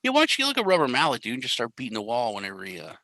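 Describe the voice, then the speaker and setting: A man's voice: medium pitch, huge pitch swings, rapid-fire, sharp tone, poor audio. A young man hosting a casual crypto live stream, rambling and joking at his own expense. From US Central Time Zone. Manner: rambling, jokey, self-deprecating. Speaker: crypto show host.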